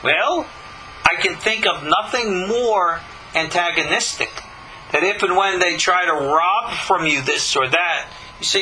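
A man with a high, very bright, cutting voice gives a scripture lesson. He leans hard on rhetorical questions and long dramatic pauses. A faint hiss of room noise sits under him. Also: rough recording. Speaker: rabbi teaching Torah. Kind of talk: live-streamed Torah lesson.

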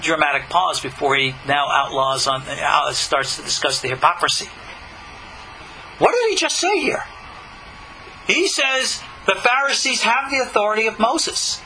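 A man giving a religious teaching, asking rhetorical questions and slowing down to read scripture aloud. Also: sits high, sharp tone, a little hiss or hum, low-quality recording. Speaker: Jewish teacher.

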